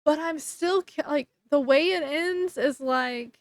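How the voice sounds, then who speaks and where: In a dry recording, a woman chats through a novel's storyline for a casual book review, wandering off track with fillers and false starts. She speaks in a high voice, slowly but with few pauses.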